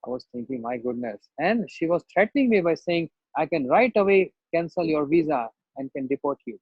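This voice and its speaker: A man with a slightly high, husky voice gives a devotional sermon, drifting into a personal anecdote and playing the other voices in it. His English has a non-native turn of phrase. The recording is dry and muffled, with no room sound. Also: animated, brisk, few pauses, dry recording. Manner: conversational storytelling, acts out quoted voices. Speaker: spiritual teacher.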